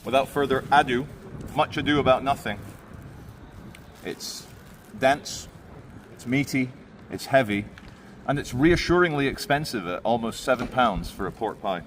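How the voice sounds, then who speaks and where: A travel vlogger rambles chattily to camera, full of fillers, as he walks around tasting food, first in an indoor shopping centre and then on an outdoor bench. He has a mid-range voice with lively intonation at a moderate pace, and faint background noise is audible.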